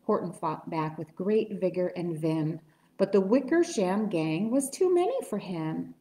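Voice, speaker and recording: A woman reading a picture book aloud at story time in a library, playful and animated. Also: lowish voice, a little slow. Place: library room. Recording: echoey library room.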